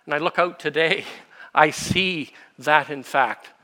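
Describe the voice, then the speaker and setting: A man preaching a sermon, explaining scripture with everyday illustrations and rhetorical questions, swinging from quiet asides to fervent emphasis. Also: fairly high pitch, a little slow. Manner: expository preaching, builds to impassioned emphasis then drops to quiet. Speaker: pastor.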